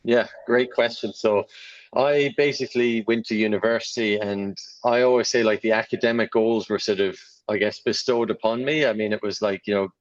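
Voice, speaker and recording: Mild Irish-accented man, low, muffled line. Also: steady tone, normal speed. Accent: mild Irish, softened by Australian and English. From Ireland. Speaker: guest, sales professional. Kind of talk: conversational podcast interview.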